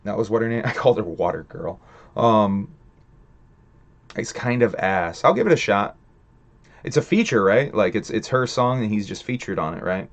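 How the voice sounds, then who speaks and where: Hosting a casual livestream, a man with a somewhat low voice talks at a moderate pace, swearing a lot and using plenty of filler. He drifts from one thought to the next, reading and responding to his viewers' chat messages along the way.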